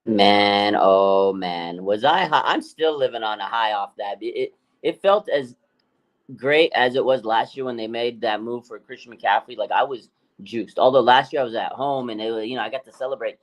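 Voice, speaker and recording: A man co-hosting a live sports talk stream, telling stories in an excited, rambling way. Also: medium pitch, normal speed, poor audio. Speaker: podcast co-host.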